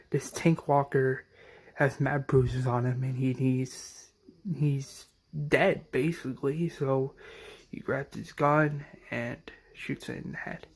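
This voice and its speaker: A man casually recapping a TV episode, in a mid-pitched voice that stays flat with little melody. He rambles, circles back and restarts his sentences. He leans on hesitations as he goes. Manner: rambling, heavy on fillers and restarts.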